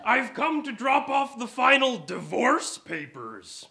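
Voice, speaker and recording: A bumbling divorced cartoon father, played by a man, in a live improv sketch. His voice is strained high and bright, delivered slowly with mock-dramatic weight. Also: very animated, vocal fry, slight background noise, heavily acted. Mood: mock-wounded.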